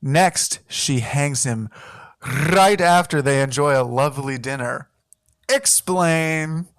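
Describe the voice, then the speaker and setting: A man, a comedy writer guesting on a podcast, talking in a jokey, riffing way with deadpan asides. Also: a little high, takes it slowly, clear, resonant tone, no echo, studio quality. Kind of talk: casual comedic chat.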